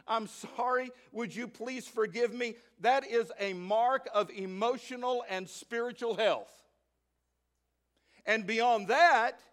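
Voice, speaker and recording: A middle-aged male pastor preaching a sermon to his church, swinging between loud emphasis and quiet asides, slowing down to read scripture. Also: very high voice. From Arkansas, USA. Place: church sanctuary.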